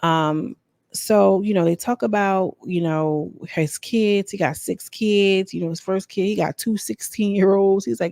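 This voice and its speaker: A woman's voice: on the low side, steady tone, moderate pace, gravelly, mellow, no echo. A woman hosting a podcast, recapping gossip in a sassy, chatty way, talking straight to her viewers. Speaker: podcast host.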